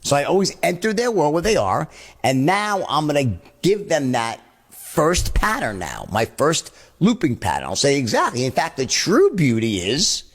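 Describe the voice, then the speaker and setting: A man's voice: on the high side, huge pitch swings, normal speed. A man teaching a sales lesson, switching in and out of both sides of a sales call as he explains it. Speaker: sales trainer.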